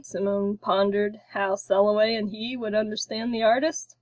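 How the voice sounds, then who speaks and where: A woman narrating a children's storybook in a slow, careful reading. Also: medium pitch, fairly even intonation, darkish tone, no echo, low-quality recording.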